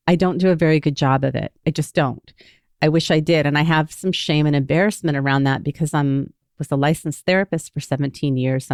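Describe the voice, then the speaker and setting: Low-voiced woman in her sixties. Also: darkish tone, smooth, no room sound, studio quality. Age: 60s. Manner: candid, self-reflective, talks through feelings openly. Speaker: coach and former therapist. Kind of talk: personal storytelling in a candid podcast conversation.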